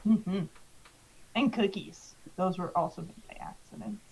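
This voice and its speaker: A woman's voice: mid-range voice, unhurried, gravelly, darkish tone, husky, poor audio. A woman narrating as game master of a tabletop game, hesitant with many ums and likes.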